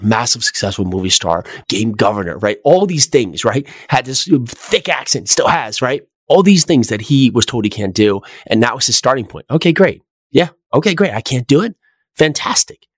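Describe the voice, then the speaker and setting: A middle-aged man hosting a motivational podcast, speaking with energetic, repetitive emphasis and rhetorical questions. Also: lowish voice, no room sound, studio quality. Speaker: podcast host.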